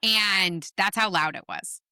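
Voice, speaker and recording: A middle-aged woman guest on a podcast, telling stories in an animated, emphatic way and swearing casually. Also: medium pitch, measured pace, clean tone, no room sound, clean studio sound. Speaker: guest author. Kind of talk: podcast conversation.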